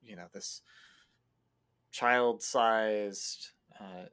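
A man's voice: lowish voice, fairly even intonation, drawn-out words, a bit bright, clear, resonant tone. A man, a player, casually recounting his character's moves in a tabletop game, hesitant and full of restarts. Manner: hesitant, many fillers and restarts.

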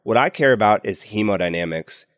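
A man's voice: lowish voice, lively intonation, brisk, no echo, clean studio sound. A man speaking as a clinician co-host on a medical teaching podcast, explaining in an opinionated way.

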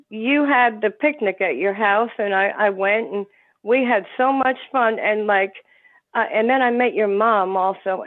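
A woman on a video call, sharing a heartfelt, rambling remembrance of a friend. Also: a little high. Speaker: meeting participant. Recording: tinny phone-like call audio.

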